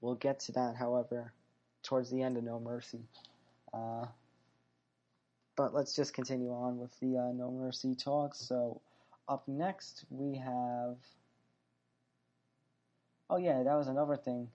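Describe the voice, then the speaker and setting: Guy hosting a podcast, warm low-key voice, lots of ums and restarts, kinda muffled lo-fi sound. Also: little pitch movement, measured pace, long pauses. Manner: rambling, filler-heavy, self-correcting. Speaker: podcast host. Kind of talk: solo wrestling and fight recap chat.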